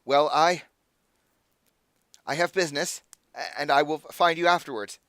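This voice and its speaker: A man's voice: on the high side, a little slow, fairly bright tone, no room sound. A man voicing a curt, formal female guard lieutenant in a tabletop game.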